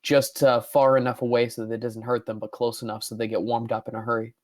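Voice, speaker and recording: A man playing a character in a tabletop game, halting with many restarts. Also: mid-range voice, little pitch movement, no echo, studio quality. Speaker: player. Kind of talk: tabletop role-play.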